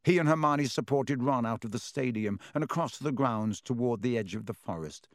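A man narrating an audiobook with expressive, clear storytelling into a close mic. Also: mid-range voice, moderate pace, no room sound.

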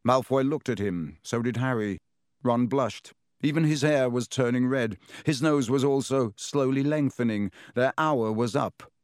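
A man's voice: medium pitch, smooth, no echo. Man narrating a storybook, dry and close. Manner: measured storytelling, voices each character. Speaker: audiobook narrator. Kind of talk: scripted narration.

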